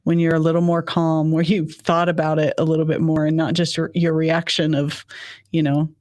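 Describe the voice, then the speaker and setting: A woman's voice: sits low, monotone, moderate pace, darkish tone, no echo. A woman co-hosting a talk show, agreeing and reflecting on parenting in a casual way. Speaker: co-host. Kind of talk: casual advice chat.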